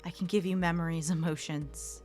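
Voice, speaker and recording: A woman's voice: fairly low pitch, steady tone, normal speed, a little mellow, faint music behind. A woman role-playing as a player in a tabletop game, subdued and dejected. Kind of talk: in-character tabletop role-play.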